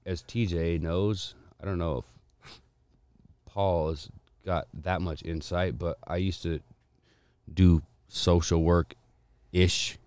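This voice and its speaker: A young man in casual podcast chat, telling stories and mimicking people with loud voices. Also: deep voice, slow pace, pauses often, smooth, no room sound. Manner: animated storyteller, does loud mimicking voices. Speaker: podcast co-host.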